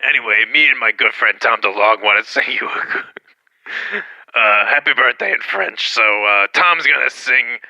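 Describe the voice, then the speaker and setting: A ditzy female pop star , as a man puts her on, rambles over a muffled phone line, tripping over her own plans. The voice is gravelly with a bright, edgy top. She keeps pushing herself forward in the chat. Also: medium pitch, a little slow, no echo. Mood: chatty. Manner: rambling, self-promoting, loses the thread. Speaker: prank caller.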